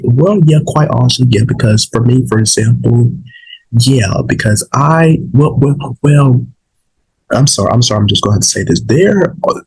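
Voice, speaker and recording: Man, gravelly voice, husky, a little sick, rambling casual talk, lots of fillers. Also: mid-range voice, low-quality recording. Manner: rambling, many "you know" fillers and restarts. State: a little sick, saving his voice. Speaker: vlog host. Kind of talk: casual opinion talk to viewers.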